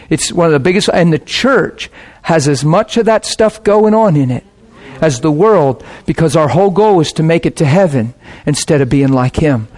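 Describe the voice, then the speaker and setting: A man's voice: on the high side, darkish tone. A middle-aged man, a pastor, preaching a sermon in a passionate, conversational way.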